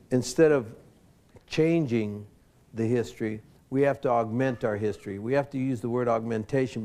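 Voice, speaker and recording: A man's voice: mid-range voice, dark tone. A man making emphatic, rhetorical remarks at a public forum.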